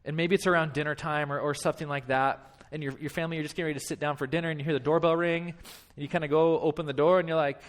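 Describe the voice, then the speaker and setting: A man's voice: fairly high pitch, fairly even intonation, quick pace. A pastor in his thirties preaching a sermon, with impassioned, repetitive phrasing and acted-out dialogue.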